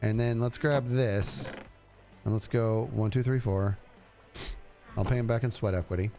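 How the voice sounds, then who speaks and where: A man streaming a game and chatting casually, animated and jokey, talking to himself as he plays. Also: fairly low pitch, measured pace, faint music behind. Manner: animated, jokey, talks to himself while playing. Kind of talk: casual gameplay commentary.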